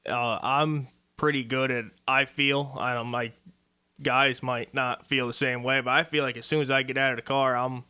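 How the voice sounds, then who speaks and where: A man in his twenties, a race car driver, answering questions in a relaxed, rambling way on a radio interview. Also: medium pitch, normal speed, clean tone. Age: 20s. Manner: easygoing, rambling with fillers. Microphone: studio microphone.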